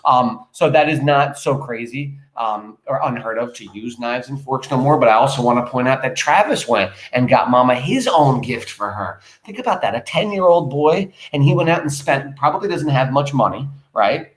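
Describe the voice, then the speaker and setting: A man's voice: medium pitch, expressive, moderate pace, few pauses, reverberant. A man teaching a class, reading a play aloud and explaining it in a chatty, emphatic way.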